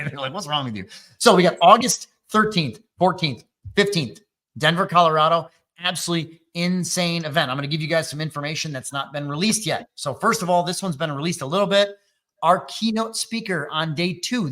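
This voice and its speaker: A man's voice: a little high, fairly quick, bright, forceful tone. A man from Wisconsin hosting a business coaching webinar, talking loosely and joking with fillers. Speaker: webinar host and MSP coach. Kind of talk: energetic webinar talk.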